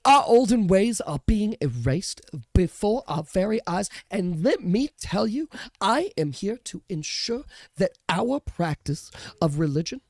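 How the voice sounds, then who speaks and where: A man's voice: high voice, big pitch swings, measured pace, darkish tone, no room sound, clean studio sound, full character voice. A man voicing a grand, theatrical old priestess with an exaggerated put-on accent. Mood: grandiose.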